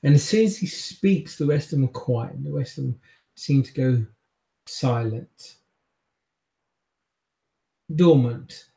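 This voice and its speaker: A man's voice: medium pitch, animated, takes it slowly, creaky, long pauses, warm tone, reverberant, rough recording. A man as game master, narrating a tabletop game dramatically, with hesitant restarts.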